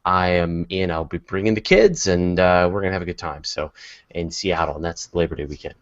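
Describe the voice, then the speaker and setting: Canadian guy hosting a space chat, kinda low voice, lo-fi video call sound. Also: lively intonation, brisk. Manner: upbeat, sign-off patter with fillers. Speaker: host. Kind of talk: casual panel chat. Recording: dull lo-fi call audio.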